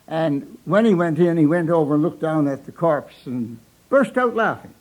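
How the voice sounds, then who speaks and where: A man's voice: a little high, lively intonation, moderate pace, low-quality recording. An older man with a Newfoundland accent telling folksy humorous stories, chuckling at his own punchlines. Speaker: storyteller. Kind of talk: live humorous storytelling.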